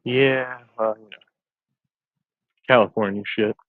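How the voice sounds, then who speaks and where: A man's voice: lowish voice, steady tone, slow pace, no room sound. Guy calling in on a tinny phone-like line, dry sound, laid back and wry. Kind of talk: casual chat.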